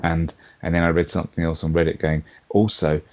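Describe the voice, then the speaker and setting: A man's voice: very deep voice, little pitch movement, a little fast, a little mellow. A man co-hosting a fan podcast, recapping episodes in a rambling, casual way full of fillers. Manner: rambling, filler-heavy storytelling. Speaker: podcast co-host.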